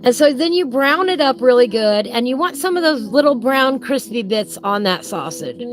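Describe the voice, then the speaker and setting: A slightly high-voiced woman talks on a live stream while she colors at home. She rambles in a folksy, homey way and drifts between topics. Soft music plays behind her. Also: animated, normal speed.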